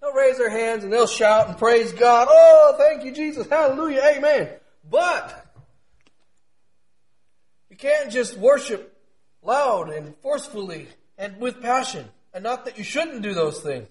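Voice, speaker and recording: A man giving an informal devotional talk with a scratchy voice, swinging from hushed, almost whispered asides to loud shouting, laughing often between lines. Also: very high voice, lively intonation, a little slow.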